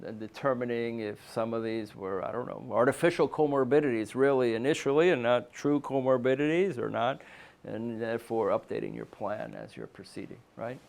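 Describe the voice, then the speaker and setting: A man's voice: medium pitch, moderate pace, vocal fry, darkish tone. A man presenting a medical talk to a panel of clinicians, speaking conversationally and often checking in with his listeners. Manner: conversational, frequent "um" and "right?" tag questions. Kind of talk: conference lecture. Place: meeting room.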